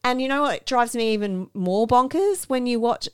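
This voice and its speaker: Animated Australian woman, smooth voice. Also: on the high side, no echo, clean studio sound. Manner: animated, quick to laugh, exasperated rants. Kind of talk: casual chat.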